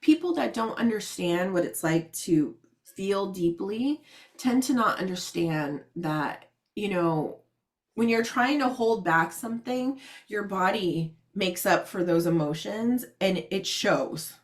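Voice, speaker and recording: A woman chatting casually and telling a story, animated, acting out what people said and laughing often. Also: medium pitch, takes it slowly.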